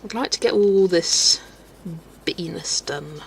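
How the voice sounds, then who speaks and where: A woman's voice: fairly low pitch, unhurried, vocal fry, a little hiss or hum. Giggly woman chatting on stream. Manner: giggly, chatty, answers chat. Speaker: livestream host. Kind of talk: casual chat while colouring.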